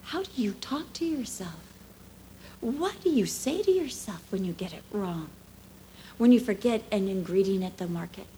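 A middle-aged woman preaching a sermon, expressive, acting out voices and dropping to hushed asides. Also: medium pitch, normal speed, a little hiss or hum. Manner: expressive, acts out dialogue, drops to hushed asides.

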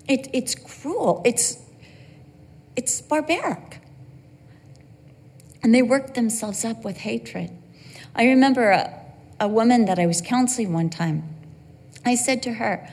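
A woman's voice: fairly high pitch, lively intonation, measured pace, long pauses, a little mellow, big-room sound, slight background noise. A woman preaching a sermon in an earnest, conversational way, with asides and personal stories.

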